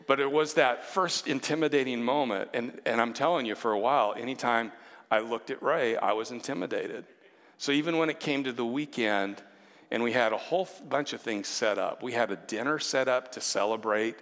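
A man's voice: mid-range voice, normal speed, fairly bright tone. A man in his fifties telling a personal story to an audience, chatty and self-deprecating, with many asides. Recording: long hall reverb.

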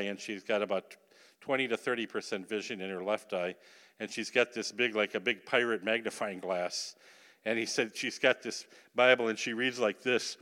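A man preaching a sermon, telling a story with animated emphasis and putting questions to the congregation. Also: lowish voice, smooth. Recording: long hall reverb.

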